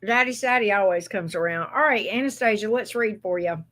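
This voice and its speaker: A woman's voice: mid-range voice, brisk, fairly bright tone. Chatty woman reading tarot live. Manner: chatty and loose, laughs and swears, talks to chat and her pets. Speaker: tarot reader on a livestream. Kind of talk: casual livestream tarot reading.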